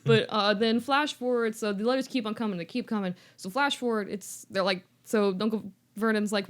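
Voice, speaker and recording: A woman co-hosting a podcast, chatty and animated, retelling a story and dropping into quick character voices. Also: mid-range voice. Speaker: podcast co-host. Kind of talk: casual chat, retelling a story.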